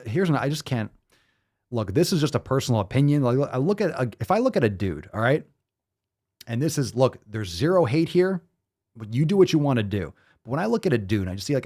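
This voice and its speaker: Male fitness host on a live stream, swearing freely, lively swooping pitch, mid-range voice. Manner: profane, ranting, energetic.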